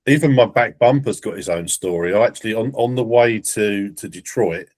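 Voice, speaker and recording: Guy, lowish voice, easygoing stories, stumbles over words a bit. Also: normal speed. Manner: relaxed anecdotal storyteller, repeats words. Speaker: guest car builder. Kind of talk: casual chat.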